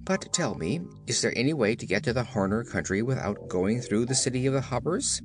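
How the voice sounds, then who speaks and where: A man's voice: medium pitch, animated, a little fast, music in the background, natural voice. A man voicing the Scarecrow, a curious straw man in a storybook, in an inquisitive manner.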